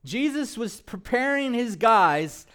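Male pastor delivering a sermon in a church. High, lively voice, slow deliberate pace, playful asides. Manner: animated preaching with call-and-response prompts; light humor, laughs at his own jokes.

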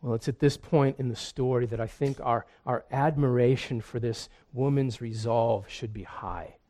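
A man's voice: mid-range voice, normal speed, mellow. A man preaching a sermon in an earnest way, often repeating a word as he restarts. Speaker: pastor.

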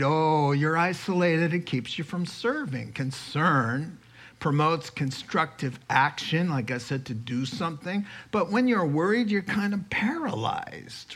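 A man preaching a sermon, animated, acting out quoted voices and chuckling as he teaches. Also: on the high side. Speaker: pastor.

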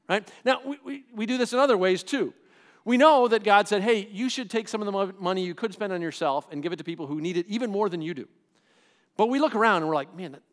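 Male pastor, middle-aged, high voice, casual sermon delivery with acted-out quotes. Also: animated, fast talker. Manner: conversational preaching, acts out quoted voices.

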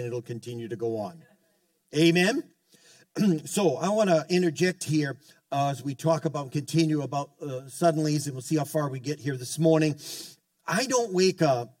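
Fervent pastor preaching, slightly off-mic. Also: male voice, on the high side, dry recording, distant mic. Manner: fervent preaching with call-outs and many restarts. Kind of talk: sermon.

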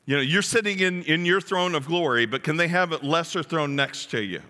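A man's voice: a little high, brisk, pushed and bright, in a large hall. A man voicing a pushy, doting mother who pleads on behalf of her two grown sons, in a wheedling tone. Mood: pleading.

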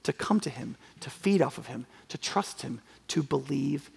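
A man's voice: mid-range voice, expressive, moderate pace, creaky, darkish tone, husky. A man preaching a sermon in a casual, conversational way, asking rhetorical questions and acting out the people he quotes. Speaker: pastor. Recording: long reverb of a large hall.

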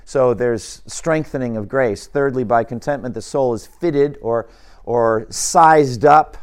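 A man teaching a conversational sermon to a class, informal and musing, with frequent restarts and asides. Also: mid-range voice. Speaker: Bible teacher.

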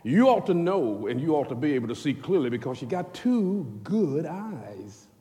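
A man preaching a sermon in a folksy, animated way, swinging between loud bursts and hushed asides. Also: fairly high pitch, normal speed. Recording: long hall reverb.

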